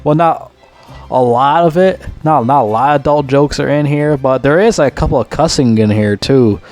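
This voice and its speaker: A man talks through a movie in a loose, rambling review, swearing constantly and circling back over the same points. His voice sits at a middling pitch but shoots up when excitement takes over. Faint music plays behind him. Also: normal speed. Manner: rambling, heavy swearing, repeats himself; gets loudly excited and higher when retelling scenes. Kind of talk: casual movie review vlog.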